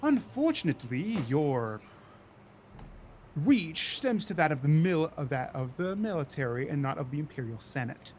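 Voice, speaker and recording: A man's voice: fairly high pitch, big pitch swings, moderate pace, darkish tone, slight background noise. A man voicing a scheming male politician who trades cutting insults in a tabletop game. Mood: indignant.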